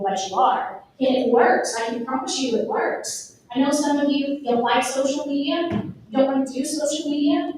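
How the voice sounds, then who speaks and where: A middle-aged woman with a Texan accent gives a lively, emphatic motivational talk, speaking straight to the audience. Her voice sits high, and it rings through a very echoey room. The mic catches her from a distance, with faint noise underneath. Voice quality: lively and emphatic, addressing the crowd directly. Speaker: speaker at a real estate event. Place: event room.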